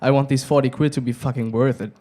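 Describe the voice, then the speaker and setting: A man's voice: mid-range voice, fairly even intonation, quick pace, mellow, lightly acted. Brash young guy, crude and eager, read by a young man with a German accent.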